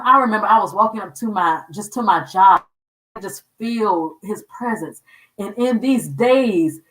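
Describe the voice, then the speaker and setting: A woman's voice: medium pitch, fairly bright tone, reverberant, recorded from a distance, low-quality recording. A woman hosting a show, sharing her faith testimony in an earnest, emotional way and repeating words when moved. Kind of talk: personal testimony talk.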